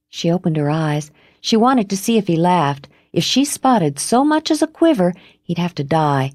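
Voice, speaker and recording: Low-voiced woman narrating a novel. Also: animated, moderate pace, a little mellow, no echo, studio quality. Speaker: audiobook narrator. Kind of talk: scripted narration.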